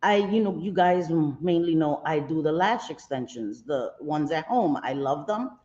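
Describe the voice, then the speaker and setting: A woman's voice: low-pitched, expressive, normal speed, darkish tone, highs cut off. A middle-aged woman hosting a casual home livestream, greeting viewers by name with pet names like sweetie. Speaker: livestream host.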